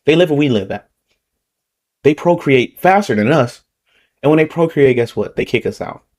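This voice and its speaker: A man's voice: medium pitch, lively intonation, normal speed, a little mellow. Heated man ranting in reaction commentary. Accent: Southern Californian. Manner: heated, repetitive, rhetorical questions with frequent "okay?". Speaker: political commentary channel host.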